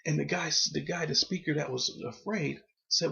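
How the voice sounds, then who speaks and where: Gravelly earnest man, lo-fi. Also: fairly high pitch, normal speed, bright, forceful tone. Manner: earnest, rambling with many restarts. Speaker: motivational vlogger. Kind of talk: casual motivational talk.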